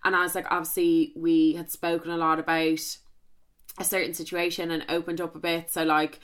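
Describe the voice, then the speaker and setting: Blunt, bright-voiced young woman. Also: low-pitched, flat delivery, brisk. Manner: candid and emphatic, swears freely. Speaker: podcast host. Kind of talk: casual podcast storytelling.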